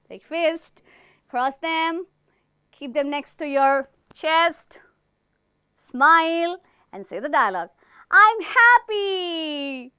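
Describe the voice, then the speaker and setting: Her voice is high with a sharp edge, recorded dry and clean in a studio. This Indian theatre teacher runs an online acting class, giving step-by-step directions, encouraging her students with frequent praise, and demonstrating expressions through big acted lines.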